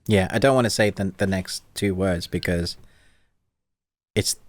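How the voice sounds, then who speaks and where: A man hosting a casual movie podcast chat, playful and quick to laugh. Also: sits low, no echo. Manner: playful, laughs often, runs a movie-quote quiz. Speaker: podcast host.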